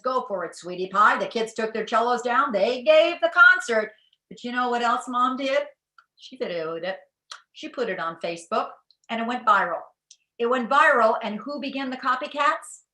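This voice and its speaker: A middle-aged woman giving a lively talk on parenting, acting out the parent and child lines she quotes. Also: fairly high pitch, echoey room, poor audio. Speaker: parenting speaker.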